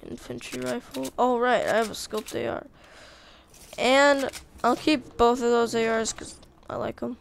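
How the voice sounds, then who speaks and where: A woman giving casual, chatty commentary while playing a video game, easily excited by what she finds. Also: on the high side, measured pace, gravelly, a little hiss or hum. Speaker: gaming video creator.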